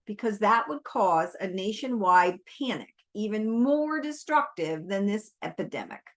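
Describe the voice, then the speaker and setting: A woman reading aloud, voicing a gruff, blunt army general who speaks in a curt, commanding way. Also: medium pitch, expressive, a little slow. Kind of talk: audiobook reading.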